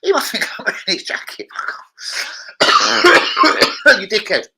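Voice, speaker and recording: A man's voice: high-pitched, wildly swooping pitch, takes it slowly, sharp tone, rough recording. A young man chatting casually on a live stream at home, swearing freely and bantering with viewers. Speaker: livestreamer.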